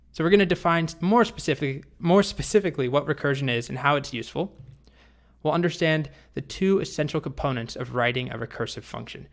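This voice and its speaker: Playful man teaching coding. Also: medium pitch. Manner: lively, playful storytelling. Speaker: programming instructor. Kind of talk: storytelling tutorial.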